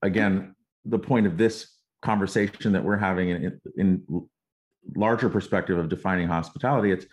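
Deep-voiced, reflective male host. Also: steady tone, moderate pace. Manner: affirming, reflective. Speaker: interviewer, host. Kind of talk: reflective interview talk. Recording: dull lo-fi sound.

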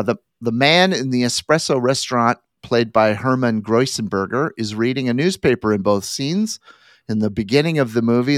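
A man hosting a podcast, reading a prepared film review in a measured, slightly halting way. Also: medium pitch, no echo, studio quality. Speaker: podcast host.

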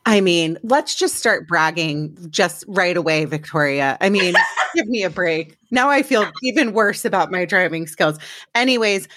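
A woman's voice: fairly low pitch, lively intonation, moderate pace, a bit bright, a little hiss or hum. Chatty self-mocking woman podcast host. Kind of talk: casual self-deprecating chat.

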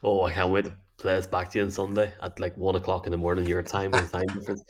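A man's voice: sits low, monotone, fast talker. A man co-hosting a sports show, giving picks in a casual, playful and teasing way. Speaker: co-host.

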